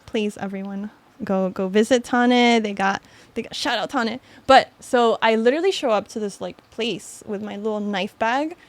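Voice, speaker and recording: A woman's voice: medium pitch, moderate pace. A young woman from Miami, a podcast guest, telling a story in casual chat, full of "like" and laughs. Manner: animated storytelling with lots of "like" and laughter.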